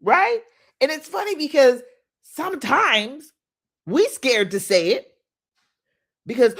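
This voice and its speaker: Lively preachy woman coach. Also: high voice, takes it slowly, pauses often. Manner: animated, preachy, playful, laughs often, hollers for emphasis. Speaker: host, manifestation coach. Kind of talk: motivational talk.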